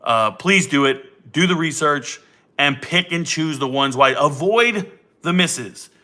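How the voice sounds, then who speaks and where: Brash, joking male streamer; bright, slightly high voice on a desk mic. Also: lively intonation, slow pace. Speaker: sports betting streamer. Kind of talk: casual livestream chat.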